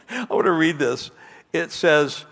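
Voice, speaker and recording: A middle-aged man preaching a sermon, telling a story about himself in an animated, self-mocking way. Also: a little high, takes it slowly, vocal fry. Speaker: pastor. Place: church hall. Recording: long hall reverb.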